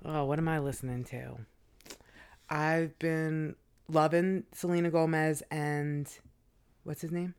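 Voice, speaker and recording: Woman, guest co-host, smooth clear voice, easygoing chatty storytelling. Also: sits low, steady tone, takes it slowly, long pauses, darkish tone. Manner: laid-back, chatty storyteller. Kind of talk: casual podcast chat.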